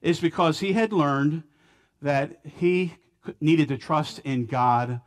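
A man with an American accent preaching a sermon in a church, stressing key words by repeating them and swinging between loud and quiet. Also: a little high, slow pace. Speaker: pastor. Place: church sanctuary.

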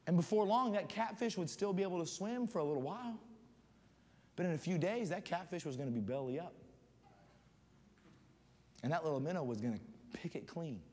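A man preaching a sermon as a guest speaker, building up to loud fervent shouting. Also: a little high, animated, brisk, long pauses, slight background noise. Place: church sanctuary. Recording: church hall reverb.

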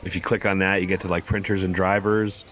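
A man's voice: low-pitched, little pitch movement, quick pace, a bit bright. A man co-hosting a comedy podcast in casual chat, rambling and correcting himself as he goes. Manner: rambling, full of fillers and self-corrections. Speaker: podcast co-host.

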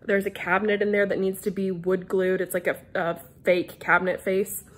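A woman's voice: mid-range voice, level tone, moderate pace. A young adult woman chatting casually to camera from her couch at home, rambling and a little scattered as she shares house updates. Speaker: vlogger. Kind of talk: casual vlog chat. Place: home living room couch.

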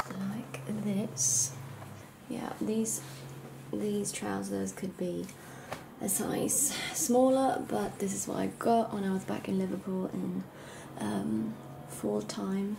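Filming herself at home with a handheld camera, a young vlogger chats casually in a creaky, mid-range voice, frequently dropping to almost a whisper. The background is noisy.

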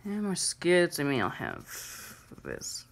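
A woman's voice: fairly low pitch, wildly swooping pitch, slow pace. A woman hosting a drawing channel, giving a casual, chatty and self-deprecating drawing tutorial.

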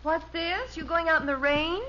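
A bright, concerned 1950s radio mother. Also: extremely high pitch, normal speed. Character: cautious housewife and mother, adult woman. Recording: dull old radio recording with faint hiss.

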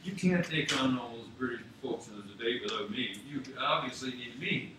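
A man's voice: mid-range voice, lively intonation, moderate pace, natural voice. Man doing a cocky young student. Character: brash confident young male student. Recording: echoey theatre, far mic, audience noise.

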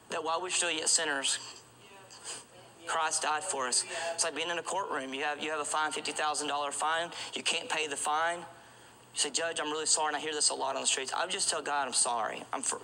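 A man's voice: on the high side, bright, forceful tone, a little hiss or hum, poor audio. A man preaching an evangelistic sermon, urgent and repetitive, asking rhetorical questions and often restarting his phrases.

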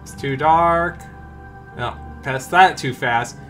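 A man's voice: a little high, slow, a bit bright, soft background music. A man doing jokey let's play commentary who rambles and talks to himself. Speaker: gamer.

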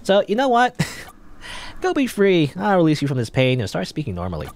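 A man's voice: fairly high pitch, wildly swooping pitch, fairly quick, darkish tone, voice pushed up. A man voicing a smug, chatty male guardian angel in a game, breezy and teasing. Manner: breezy, teasing, self-satisfied.

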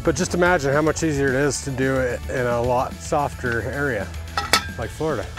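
A man talks casually while digging outdoors on hard ground. He is energetic, exclaims often, and breathes hard from the work. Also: medium pitch, fairly quick, over loud music. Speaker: fence installer testing tools. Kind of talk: casual product test while working.

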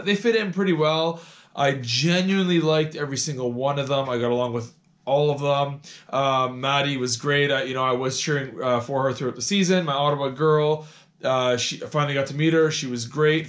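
A hoarse man from Canada in his thirties, chatting casually through a reality-show recap vlog with lots of fillers and repeated words. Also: medium pitch, a bit bright.

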